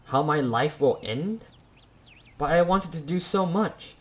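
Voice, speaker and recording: A man's voice: on the high side, lively intonation, a little slow. A young man playing a visual novel, reading its text aloud and cracking jokes in between. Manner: jokey asides between dramatic read lines. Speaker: let's play gamer.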